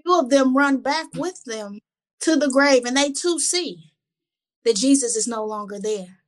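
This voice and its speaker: A woman's voice: high voice, a little slow. A woman reading Bible verses and reflecting on them in an earnest, conversational way, often repeating words as she gathers her thoughts. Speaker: Bible study co-host.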